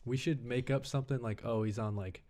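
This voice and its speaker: A man's voice: mid-range voice, fairly even intonation, a little fast, a little mellow. A young man co-hosting a casual gaming podcast, telling stories loosely with crude humor. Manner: laid-back, crude humor, loose storytelling. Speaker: podcast co-host. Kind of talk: casual chat.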